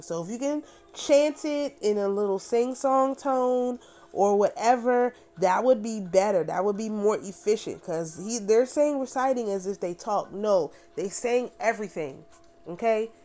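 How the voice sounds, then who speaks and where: A woman reading scripture aloud and breaking off to explain it in casual asides, slowing and rising for the chanted passages. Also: mid-range voice, a little mellow. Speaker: spiritual teacher.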